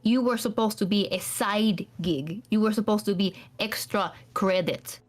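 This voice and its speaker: A woman's voice: medium pitch, moderate pace, voice pushed up, natural voice. A woman voicing a resentful young woman trainee who speaks in a clipped, formal, accusing way. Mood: bitter, angry.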